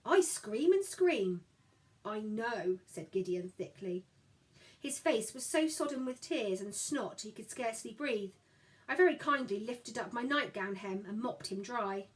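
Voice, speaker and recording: A woman narrating a story in the first person, expressive and voicing each character. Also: on the high side, moderate pace, rough recording. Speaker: audiobook narrator.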